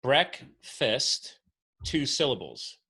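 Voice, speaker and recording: A man hosting a podcast interview, chatting casually and playfully, jumping up in pitch when he jokes. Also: very slow, husky. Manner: animated, playful, jumps up in pitch when joking. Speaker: podcast host. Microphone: video call.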